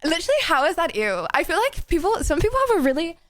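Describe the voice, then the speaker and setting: A woman's voice: extremely high pitch, sing-song, fast talker, a bit bright. A young woman streaming, chatting casually with lots of giggles and rambling fillers. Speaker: livestreamer.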